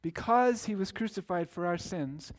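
A man's voice: sits high, animated, normal speed. A man preaching a sermon as pastor, earnest and storytelling, building to emphatic exclamations.

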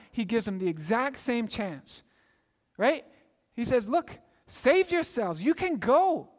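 A man preaching a sermon in a high voice, bringing the story to life by acting out its characters. His words ring with the long reverb of a large hall. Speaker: pastor.

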